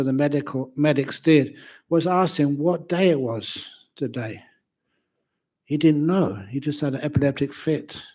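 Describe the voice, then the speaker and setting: A man, a Buddhist monk, giving a humorous dharma talk at a university with animated storytelling. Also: fairly high pitch. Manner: animated storytelling, laughs at own jokes. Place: university lecture venue.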